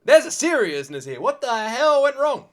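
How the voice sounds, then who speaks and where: A British man hosting a reaction video, casual and excitable, exclaiming and laughing often. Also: extremely high pitch, moderate pace. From Britain.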